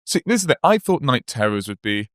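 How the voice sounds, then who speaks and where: Man, podcast host, animated storyteller, mid-range voice, dry close sound. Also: mid-range voice, a little fast, dry recording. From Wales. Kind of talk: casual podcast chat.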